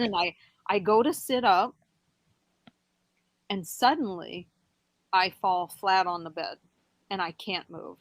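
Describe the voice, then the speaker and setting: A young woman, a podcast guest, telling a personal paranormal story in a halting way that turns animated when she quotes herself. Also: medium pitch, dry recording.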